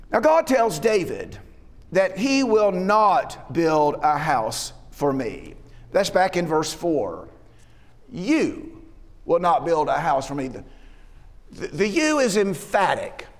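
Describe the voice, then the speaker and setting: A man preaching an expository sermon, walking through a passage verse by verse and asking rhetorical tag questions. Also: high voice. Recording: long reverb of a hall.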